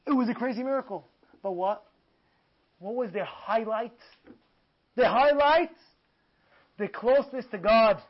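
A man's voice: very high-pitched, measured pace, long pauses. A man teaching a religious lesson. He repeats himself for emphasis and keeps asking his listeners rhetorical questions. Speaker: Torah teacher. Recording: dull lo-fi sound.

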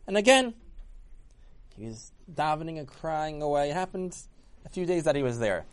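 A man telling a story in a casual, talky way, with lively swoops in his voice. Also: moderate pace. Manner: animated, swooping pitch, talky.

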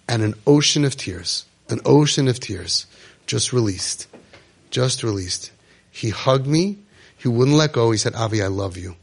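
A husky man with vocal fry gives an impassioned talk to parents. He gets emotional, acts out the voices of both parents and children, and sinks into soft, low tones.

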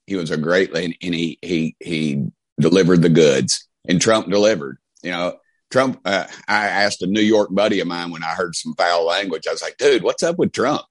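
A middle-aged man from Knoxville, Tennessee, speaks in a low voice at a moderate pace, with an East Tennessee Southern accent, in a dry recording. He is a congressman appearing as a guest in a casual interview, telling folksy stories in a rambling way with many restarts.

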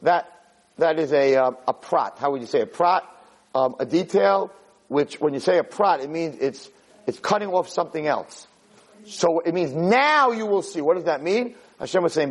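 A man's voice: fairly high pitch, animated, moderate pace, darkish tone, low-quality recording. A man teaching a sermon on the weekly Torah portion, telling the story animatedly and mixing in Hebrew terms. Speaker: rabbi lecturer.

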